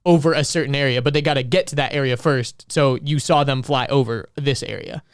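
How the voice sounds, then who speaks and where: A man's voice: medium pitch, fairly quick, dry recording, studio quality. A young man co-hosting a casual podcast, rambling and telling stories with lots of filler words. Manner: rambling, many "like" fillers, laughs while storytelling. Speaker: podcast co-host.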